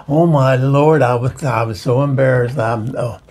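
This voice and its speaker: In a lightly acted comedic monologue, a man plays a gossipy, bawdy middle-aged woman who hosts the show, chuckling and rambling through stories before a music video. His voice is mid-range, a little mellow, and a little slow.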